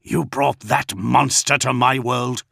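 A man's voice: medium pitch, fairly even intonation, slow pace, vocal fry, a bit bright, slightly rough, dry recording, studio quality, heavily acted. A man voicing an angry, commanding male lord who accuses sharply.

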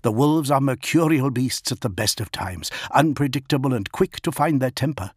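A man's voice: mid-range voice, animated, moderate pace, slightly rough, no echo, studio quality. A man voicing an earnest male adviser who speaks in an urgent, pleading way.

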